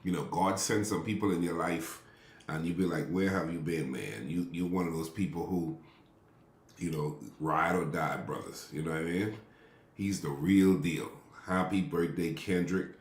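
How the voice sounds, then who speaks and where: A man's voice: low voice, fairly even intonation, normal speed. A man preaching a sermon to his congregation in a loose, conversational way, repeating phrases and calling out people by name. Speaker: pastor. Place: church sanctuary. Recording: echoey room.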